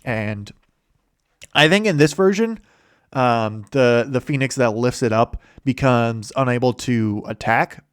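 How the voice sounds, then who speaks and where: A man's voice: mid-range voice, clear, resonant tone, dry recording, studio quality. A man hosting a casual summary of a game campaign, rambling with many fillers and self-corrections and chuckling often. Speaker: host.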